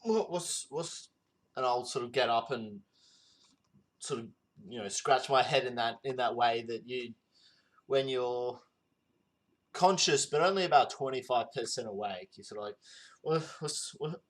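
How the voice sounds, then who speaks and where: A man plays a character in a tabletop role-play game, talking casually at a middling pitch. He is hesitant and full of fillers, stumbling over his words as if half awake. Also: normal speed, pauses often. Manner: groggy, hesitant, filler-heavy. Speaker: player.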